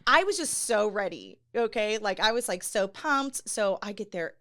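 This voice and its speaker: A woman sharing a personal faith testimony on a podcast, earnest and animated, with many fillers. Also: mid-range voice, moderate pace. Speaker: podcast guest. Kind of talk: personal testimony in casual chat.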